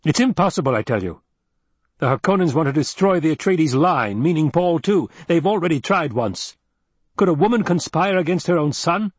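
A man's voice: mid-range voice, expressive, fast talker, few pauses, a little mellow, breathy edge, no echo. A man reading an audiobook, voicing a stern, proud middle-aged duke who speaks in commanding, clipped lines. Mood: insistent. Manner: commanding, clipped, rising to anger.

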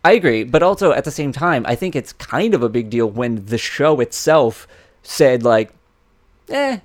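A man's voice: mid-range voice, moderate pace. A man co-hosting a podcast in casual chat, reading listener emails aloud and rambling with fillers and restarts. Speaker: podcast co-host.

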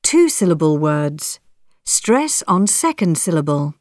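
A woman announcing track numbers and section headings on a coursebook audio recording in a plain, measured way. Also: low-pitched, big pitch swings, a little mellow, no room sound, clean studio sound.

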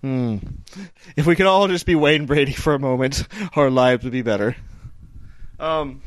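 A man's voice: mid-range voice, normal speed, no room sound. A man co-hosting a podcast in casual chat, rambling and joking with lots of fillers. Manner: rambling, filler-heavy, jokey. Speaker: podcast co-host.

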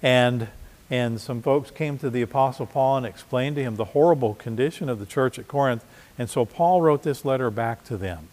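A man's voice: medium pitch, moderate pace, a little mellow. Preaching man in a reverberant hall. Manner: conversational preaching with repeated restarts. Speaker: pastor. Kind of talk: sermon. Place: church.

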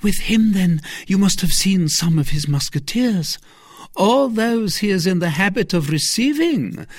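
A reader voicing a cunning, deceitful noblewoman in a storybook reading, with a raised, expressive character voice. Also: medium pitch, a little slow, no room sound, studio quality, pitched above the performer's own voice. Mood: guarded.

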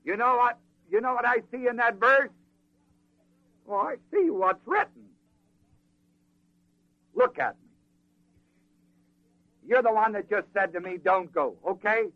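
High-voiced animated male preacher. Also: unhurried, long pauses, no echo, lo-fi sound. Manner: folksy and animated, acting out scripture characters. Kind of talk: sermon.

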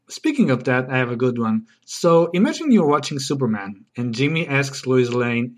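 A man's voice: medium pitch, big pitch swings, moderate pace, hardly any pauses. A man with a Portuguese accent, a native Portuguese speaker, hosting a comic podcast monologue in a playful, mock-exasperated, self-deprecating way. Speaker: podcast host.

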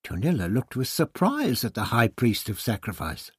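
A man narrating an audiobook in a measured, expressive storytelling manner. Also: mid-range voice, breathy edge, no echo, studio quality. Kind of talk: scripted narration.

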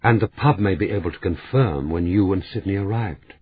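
A man reading a sharp, sardonic woman. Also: sits low, fairly quick, breathy edge. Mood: cool. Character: sharp, cutting middle-aged woman. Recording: tinny phone-like sound.

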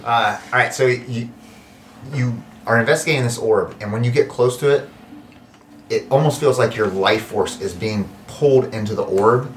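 A man narrating as game master in a tabletop game, pausing and restarting as he searches for words. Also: mid-range voice, slight background noise, rough recording.

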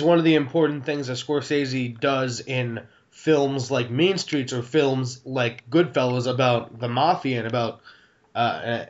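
A man co-hosting a podcast, mid-pitched and relaxed as he digs into a movie. He rambles, restarts his sentences and swears casually. The sound is dull and lo-fi. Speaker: podcast co-host. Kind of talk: casual film discussion.

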